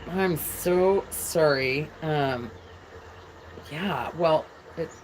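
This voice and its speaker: A woman with a low voice hosts a jewelry live stream at an easy, unhurried pace. She chats casually and greets viewers by name between pieces. A faint noise sits under her voice. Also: low-quality recording. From England. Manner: chatty, reads viewer comments aloud while showing jewelry.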